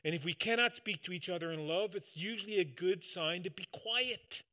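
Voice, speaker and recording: A man preaching a sermon in an earnest way, dropping soft and low at times and rising loud for emphasis. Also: normal speed. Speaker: pastor.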